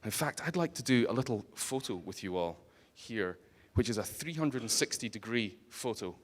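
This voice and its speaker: A man's voice: mid-range voice, expressive, moderate pace. A man with a Scottish accent giving a humorous conference talk, joking and teasing the audience bluntly. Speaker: conference speaker. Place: conference hall stage.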